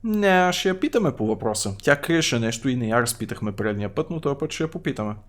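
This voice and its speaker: A man with a Bulgarian accent streaming a game, reading its text aloud and adding quick, half-joking asides. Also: medium pitch, animated. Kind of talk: live gameplay commentary, reading game text.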